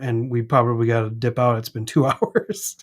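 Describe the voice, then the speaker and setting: A man with a Minnesota accent chatting casually as co-host of a live stream, rambling and animated. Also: mid-range voice, moderate pace. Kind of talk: casual chat. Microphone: streaming mic.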